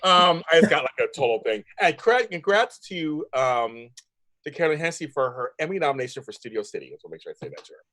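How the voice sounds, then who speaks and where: A man chatting excitedly and gushing as a panelist on a soap opera recap show. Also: a little high, no echo. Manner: excitable, gushing, rapid talk. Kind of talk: casual chat.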